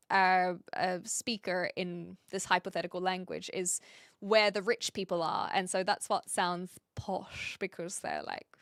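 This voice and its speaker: A woman's voice: mid-range voice, a bit bright, clean tone, dry recording, clean studio sound. A woman chatting casually on a live stream, reading viewer comments and correcting herself as she goes. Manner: chatty, self-correcting, talks through restarts.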